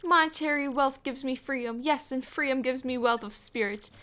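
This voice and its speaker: A woman's voice: high-pitched, lively intonation, normal speed, fairly bright tone. A woman voicing a flamboyant, vain male merchant trader from a video game, with grand, theatrical delivery. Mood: pompous. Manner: grandiose, theatrical, dramatic exclamations. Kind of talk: reading game dialogue aloud.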